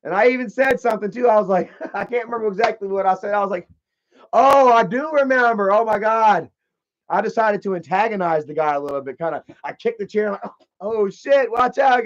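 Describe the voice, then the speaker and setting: Man, high voice, profane, rambling, animated storyteller, muffled lo-fi livestream audio. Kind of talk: casual storytelling. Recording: slightly dull lo-fi stream audio.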